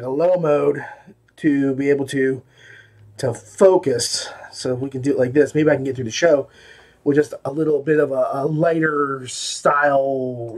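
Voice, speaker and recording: A man talks through his audiobook reviews in a loose, unscripted way, circling back on himself and padding with fillers. His voice sits a little higher than most men's. It's easygoing podcast chatter rather than polished delivery. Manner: rambling, with many fillers and restarts. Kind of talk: casual spoken review.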